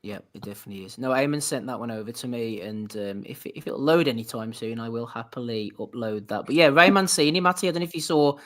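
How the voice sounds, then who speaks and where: A man's voice: medium pitch, fast, few pauses. A man hosting a podcast in casual chat, laughing often and moving the segments along.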